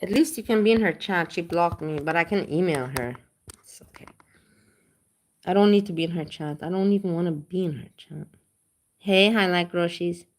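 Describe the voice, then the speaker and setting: A woman's voice: lowish voice, a little fast. A woman hosting a casual livestream, chatting bluntly and crudely and greeting viewers by name. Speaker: livestream host reacting to videos.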